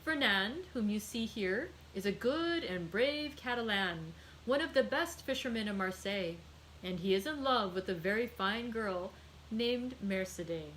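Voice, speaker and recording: A woman's voice: medium pitch, lively intonation, a little slow, fairly bright tone, a little hiss or hum, rough recording. A woman reading aloud and voicing a jovial, half-drunk man who teases his friend in a raised, mocking voice. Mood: teasing.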